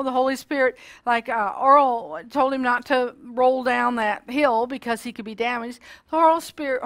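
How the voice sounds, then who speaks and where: A woman telling a Bible-lesson story to children in an expressive way, speaking directly to her young listeners. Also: high voice. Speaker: children's ministry teacher.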